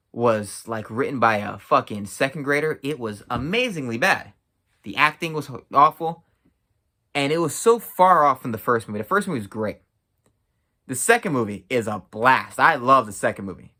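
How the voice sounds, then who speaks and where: Man, film reviewer, casual rant, blunt, profane, exasperated, bright tense voice. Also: medium pitch.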